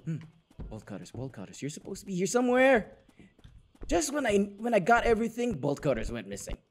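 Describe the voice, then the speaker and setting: A hoarse young man commentating a horror game, jittery and repeating himself as he plays. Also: high-pitched, wildly swooping pitch. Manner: jittery, talks to himself, repeats words rapidly. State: hoarse, sore throat. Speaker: gaming channel host.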